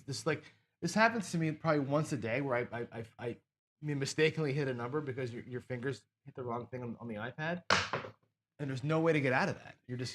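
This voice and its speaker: A man hosting a live craps stream in casual chat, frustrated and self-deprecating, swearing and scolding himself over his mistakes. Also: mid-range voice. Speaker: craps show host.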